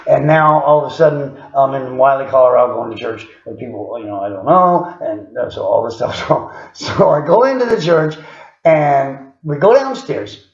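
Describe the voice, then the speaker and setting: A man's voice: mid-range voice, animated, normal speed, vocal fry. A man casually telling a personal story in a rambling way, full of fillers and chuckles. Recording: echoey, dull lo-fi room sound.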